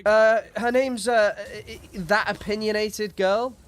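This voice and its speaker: A man's voice: high voice, steady tone, unhurried. A man streaming a game, chatting casually and with amusement to his viewers and a teammate. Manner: amused, chatty, reacts and speaks to his chat. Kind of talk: casual livestream commentary.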